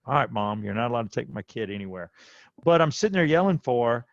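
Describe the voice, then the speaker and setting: A man, co-hosting a casual podcast and telling a story animatedly, his voice jumping high when he quotes himself. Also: lively intonation, fast talker, vocal fry, no echo, highs cut off. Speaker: podcast co-host. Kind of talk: casual chat.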